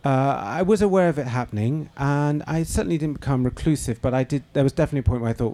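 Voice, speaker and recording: A man's voice: medium pitch, quick pace, mellow. A middle-aged man, a novelist and screenwriter, answering interview questions thoughtfully, with frequent fillers and restarts.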